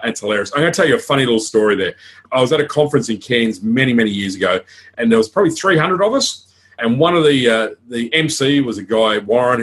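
An Australian man coaches an audience on public speaking in a frank, energetic way. He moves briskly from tips to stories and throws in casual asides. His voice sits at a middling pitch for a man. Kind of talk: conference talk.

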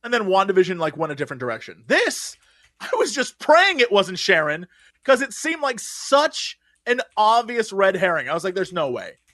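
A man's voice: high voice, very animated, moderate pace, sharp tone, no room sound. A man co-hosting a podcast, chatting casually and animatedly, acting out quotes in mocking voices. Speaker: podcast co-host. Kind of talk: casual chat.

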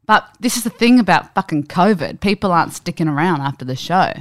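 Low-pitched woman cohost, candid crude storyteller. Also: animated, brisk. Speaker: podcast co-host. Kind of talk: casual chat.

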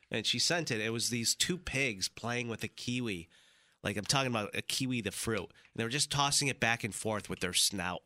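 A man's voice: medium pitch, normal speed, bright, forceful tone. A man co-hosting a radio show, dropping dry, teasing remarks into the chat. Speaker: radio co-host. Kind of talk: casual on-air chat. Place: radio studio.

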